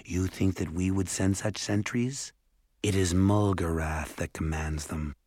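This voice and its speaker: A man voicing a cold, proud female elf in a storybook reading, speaking in a measured, formal way. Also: sits low, fairly even intonation, a little mellow, no room sound, studio quality. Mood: cool. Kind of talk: audiobook character voice.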